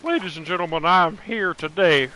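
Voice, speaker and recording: A young man putting on the voice of a gruff outlaw leader giving a pompous campaign speech, close to his own voice. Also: high voice, moderate pace, very noisy, lightly acted. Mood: grandstanding.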